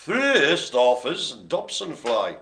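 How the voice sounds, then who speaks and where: A man's voice: a little high, huge pitch swings, takes it slowly, a bit bright. A man hosting a live online bingo game, rambling and joking as he stumbles over hard names. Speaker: bingo host.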